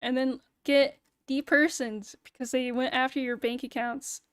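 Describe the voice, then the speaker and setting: High, smooth-voiced woman ranting on stream. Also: level tone, measured pace, dry recording, clean studio sound. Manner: ranting, sarcastic, swears a lot. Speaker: VTuber streamer. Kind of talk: casual livestream chat.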